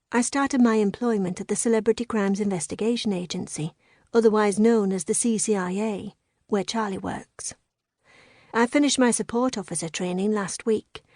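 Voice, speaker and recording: A woman narrating a novel in the first person, reading in a measured, reflective way. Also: mid-range voice, dark tone, dry recording, clean studio sound. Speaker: audiobook narrator.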